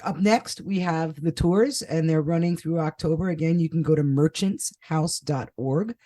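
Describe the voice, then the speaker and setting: A woman's voice: deep voice, normal speed, warm tone. A woman hosting a casual interview podcast, chatty and playful, laughing often. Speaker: podcast host.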